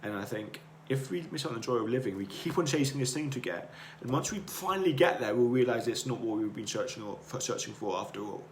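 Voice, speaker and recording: This male podcast host has a mid-range voice and talks fast and animatedly, barely pausing. His earnest motivational monologue rambles and repeats as he circles his points, captured with roomy echo and slight noise.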